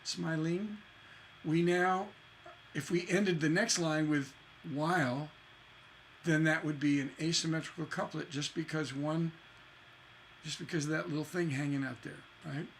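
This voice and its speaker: A man's voice: a little high, fairly even intonation, unhurried, creaky, a little hiss or hum. A man teaching a songwriting lesson in a chatty way, scatting rhythms with "da da da" to show the stresses.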